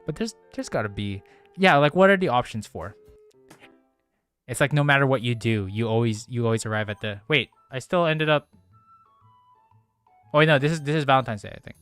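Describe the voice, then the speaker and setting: A man's voice: medium pitch, animated, a little fast, pauses often, fairly bright tone, clear, resonant tone, dry recording. Guy talking over a game, swears a lot, frustrated and rambly, dry close sound, faint music behind. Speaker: let's play gamer. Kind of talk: casual gaming commentary.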